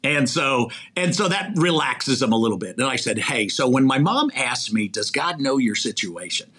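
An older man with a husky, slightly breathy voice tells stories as an interview guest. His pitch swings widely as he acts out the voices of people in his anecdotes. He chuckles between phrases. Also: normal speed. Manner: animated storyteller who acts out quoted dialogue and chuckles mid-sentence. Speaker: interview guest, executive recruiter. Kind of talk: storytelling in a podcast conversation.

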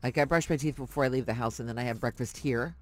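A woman's voice: rumbling low, quick pace. A woman co-hosting a morning radio show, telling stories and chatting casually. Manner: lively storyteller, agrees often. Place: radio studio.

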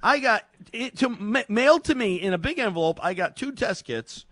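A man on a call-in radio show, talking in a lively, animated way with a slightly higher voice. He tells stories and often restarts his words. The sound is dry and close, as from a studio microphone. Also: moderate pace, no echo. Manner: storytelling, animated, repeats words. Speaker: radio talk show host.

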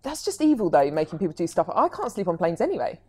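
A podcast host in casual conversation who keeps reacting with short, quick replies and laughter. The voice has a mid pitch and swings widely in melody. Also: sing-song, dark tone, breathy edge. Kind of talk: casual chat.

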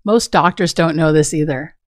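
A woman's voice: sits low, normal speed, dry recording. Woman, podcast host, dry close sound, encouraging. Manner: brief encouraging replies, upbeat sign-off. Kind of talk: casual interview chat.

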